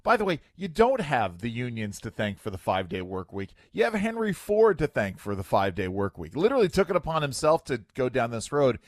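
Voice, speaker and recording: A man's voice: mid-range voice, a little fast, few pauses, dry recording, clean studio sound. A man hosting a talk radio show, giving wry commentary with lots of fillers. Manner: wry, animated, filler-heavy. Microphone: studio microphone.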